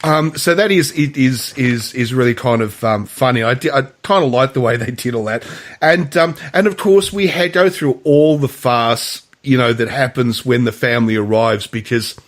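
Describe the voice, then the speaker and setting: A man's voice: mid-range voice, normal speed. A man co-hosting a podcast, chatting casually about films, rambling with many restarts and stammered repeats, laughing often. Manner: laughs often, mimics film lines in a raised voice. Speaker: podcast co-host. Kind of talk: casual film chat.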